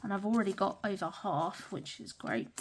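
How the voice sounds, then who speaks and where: A woman's voice: mid-range voice, normal speed, a little hiss or hum. A young British woman chatting casually while counting cash into budget envelopes, often murmuring numbers under her breath. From Britain. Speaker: budgeting vlogger.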